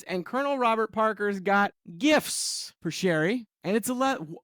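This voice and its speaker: Speaking at a moderate pace with hardly any pauses, a man with a high voice co-hosts a podcast recapping wrestling. The talk is casual and full of sarcastic, animated jokes, and the studio-quality audio has no echo.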